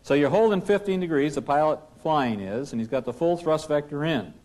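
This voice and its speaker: A flight instructor gives a classroom lecture to pilots, talking a little fast in a darkish tone. He's emphatic, poses rhetorical questions, and drops his voice low for key points.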